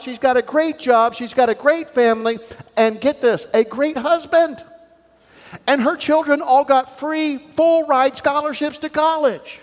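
A middle-aged man preaching a sermon as a pastor, telling stories in an animated way and acting out the voices in them. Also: very high voice. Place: church sanctuary. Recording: long reverb of a church hall.

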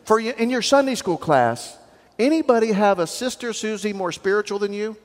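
A pastor with a strikingly high, bouncy voice preaches a sermon, animated and full of storytelling. His words ring out with a long reverb through a church sanctuary. He acts out the voices in his stories as he goes. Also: normal speed.

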